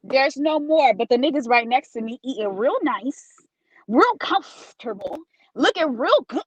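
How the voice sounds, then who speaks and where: Woman, lively pitch, dry close sound, sassy podcast storyteller. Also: unhurried, breathy edge, dry recording, highs cut off. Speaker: podcast co-host and blogger. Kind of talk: casual chat.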